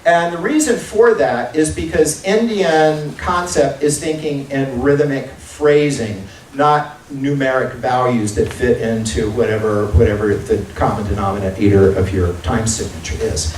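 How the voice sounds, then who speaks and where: A man's voice: medium pitch, unhurried, few pauses, slight background noise. A male music professor giving a chatty lecture recital, often repeating words as he thinks and reciting drum syllables. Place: lecture hall. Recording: roomy hall sound from far off.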